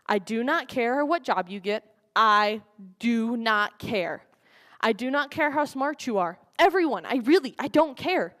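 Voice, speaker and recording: A woman giving a dramatic recited speech at a school program, swinging between forceful declarations and hushed, quiet lines. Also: high-pitched, sing-song, normal speed, few pauses. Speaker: student speaker at a school program.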